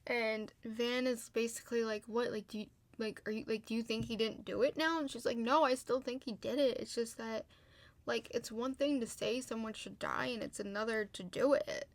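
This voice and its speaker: A young woman with a fairly high voice chats through a TV episode recap, full of fillers and sudden heated asides. She sounds a little tired. The recording is close and dry, with no room sound. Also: fairly even intonation, moderate pace, no room sound. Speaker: video host.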